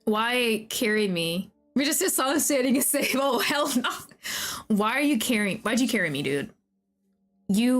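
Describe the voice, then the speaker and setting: Excitable young woman streamer, slow talker. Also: medium pitch. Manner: excitable, talks to game characters, swears and laughs. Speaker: VTuber streamer. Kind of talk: casual gameplay commentary.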